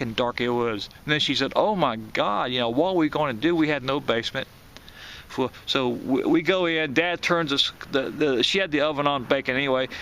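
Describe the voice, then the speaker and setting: A man's voice: fairly high pitch, pushed and bright, slight background noise. A man in his fifties from southwest Ohio, casually telling a childhood memory, rambling with many restarts and repeated words. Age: 50s. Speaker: channel host recalling a storm. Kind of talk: casual spoken memoir.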